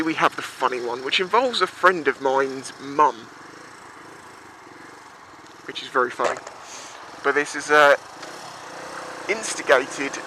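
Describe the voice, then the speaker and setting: A man's voice: pushed and bright, poor audio. A young man casually rambling through stories on his motorbike, chatty and sweary, recorded on a helmet mic outdoors. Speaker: motovlogger. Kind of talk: casual storytelling on a bike. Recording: engine rumble behind.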